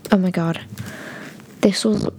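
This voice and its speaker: A woman's voice: medium pitch, fairly even intonation, takes it slowly, a little mellow, slight background noise. An eighteen-year-old woman, a native Spanish speaker, rambling chattily as she tells stories from her childhood to her viewers. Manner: rambling, chatty, frequent "like" and "oh my God". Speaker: vlogger. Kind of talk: casual storytelling to camera.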